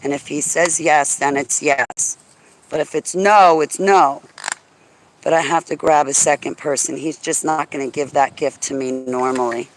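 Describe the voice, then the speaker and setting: A woman's voice: deep voice, fairly even intonation, moderate pace, slight background noise, poor audio. A woman hosting a religious radio talk show, speaking emphatically and emotionally and addressing a listener directly.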